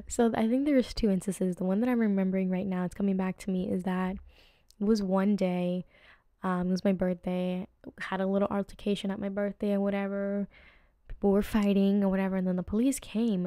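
A woman in her twenties hosting a podcast, telling rambling personal stories with lots of fillers and jumping up in pitch to act out what people said. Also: fairly even intonation, fairly quick, mellow, no room sound, clean studio sound. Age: 20s. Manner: chatty, rambling, lots of fillers, acts out quotes with pitch jumps. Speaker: podcast host. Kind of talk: casual storytelling monologue.

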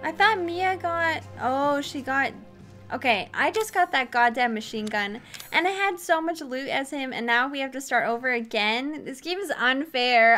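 A woman's voice: high-pitched, big pitch swings, measured pace, pushed and bright, soft background music. A young woman streaming a horror game, reacting expressively with swearing and laughter. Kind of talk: gaming commentary.

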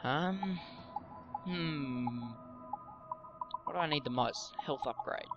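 Over music, a man with a fairly high voice talks slowly while playing a video game, giving loose, rambling let's play commentary. He gets tongue-tied a lot and drops casual swears. The recording's high frequencies are cut off.

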